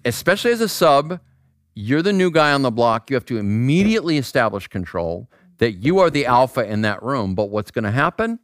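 A man preaches in an outdoor square, keeping it casual and animated with rhetorical questions and voices for different characters. His medium-pitched voice moves fairly quickly, with a dry, clean studio sound.

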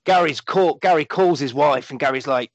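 Male co-host, lively sweary storyteller, slightly high, dry. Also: normal speed, dry recording, muffled recording. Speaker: podcast co-host. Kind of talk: casual chat retelling a film plot.

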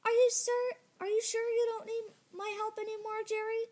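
A squeaky, very high female mouse, put on by a woman reading aloud, cheerful and bossy. She snaps out orders and stretches her sweet words into a lazy drawl, in a storybook reading. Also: level tone, darkish tone. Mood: breezy. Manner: brisk, commanding, drawling endearments.

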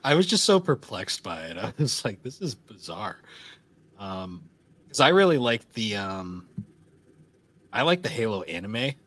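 Rambling low-voiced man chatting. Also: big pitch swings, moderate pace, a bit bright. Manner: rambling, filler-heavy, laughs often. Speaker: podcast co-host. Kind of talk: casual chat.

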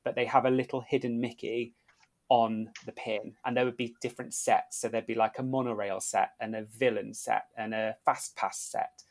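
Man telling animated stories. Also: medium pitch, moderate pace. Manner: animated storyteller, acts out quoted voices. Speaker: podcast guest, former theme park worker. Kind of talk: casual storytelling chat.

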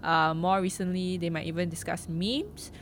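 A woman's voice: fairly low pitch, normal speed, a little hiss or hum. Giggly woman chatting about films. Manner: animated, giggly, with many fillers. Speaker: podcast co-host. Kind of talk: casual chat reviewing films.

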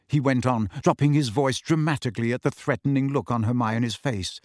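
A man giving steady, even storybook narration as an audiobook reader. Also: mid-range voice, a little fast, few pauses, no echo, clean studio sound.

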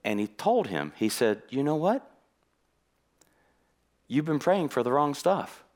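A man preaching a sermon in a church, telling a personal story in a lively way and acting out the conversations in it. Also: mid-range voice, takes it slowly. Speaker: guest preacher.

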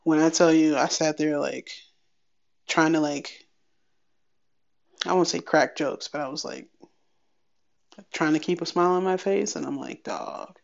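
A woman giving a candid personal update on her podcast, chatty and wry, acting out bits of a conversation in quick animated bursts. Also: deep voice, creaky. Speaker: podcast host. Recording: slightly dull lo-fi sound.

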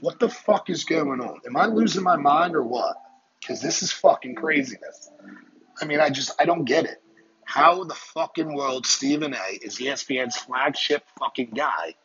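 A man hosting a podcast, delivering a heated, profane solo rant with rapid-fire rhetorical questions. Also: fairly high pitch. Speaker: podcast host. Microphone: phone. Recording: muffled lo-fi audio with crowd noise behind.

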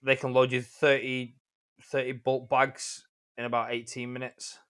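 A man hosting a casual podcast, telling stories in a lively way, swearing and laughing often. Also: medium pitch, unhurried, smooth. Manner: animated storyteller, swears freely, laughs a lot. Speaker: podcast host.

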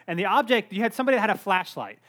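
A young man from North Carolina preaching a sermon, telling a childhood story with animated, self-deprecating humor. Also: high-pitched, racing. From North Carolina, USA. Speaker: pastor.

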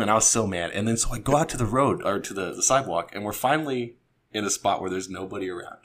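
A man's voice: lowish voice, rapid-fire. A young man from a small Missouri town, telling travel stories in a casual chat, swearing and laughing often. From Mexico, Missouri. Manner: animated storytelling, frequent swearing, laughs.

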